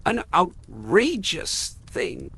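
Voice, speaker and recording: A man reading an audiobook, voicing an indignant elderly uncle who bursts out in outraged, high-pitched exclamations. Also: big pitch swings, drawn-out words, gravelly, fairly bright tone, husky, heavily acted.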